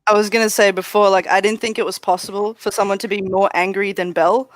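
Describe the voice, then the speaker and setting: A woman's voice: mid-range voice, steady tone, fast talker, no room sound, poor audio. A woman on a live podcast, chatting casually and making wry, short remarks.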